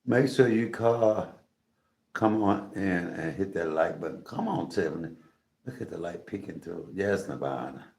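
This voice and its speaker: A man's voice: low voice, lively intonation, unhurried, creaky, a little mellow, echoey room, slight background noise. A man cooking in his home kitchen for a casual vlog, chatting and calling out to his viewers as he seasons his food. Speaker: cooking vlogger.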